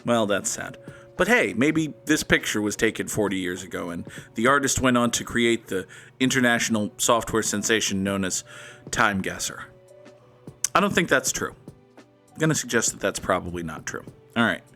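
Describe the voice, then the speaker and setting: A man's voice: on the low side, lively intonation, normal speed, bright, forceful tone, soft background music. Sarcastic rambling gaming host, man. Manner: sarcastic, rambling, self-mocking. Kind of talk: casual gameplay commentary.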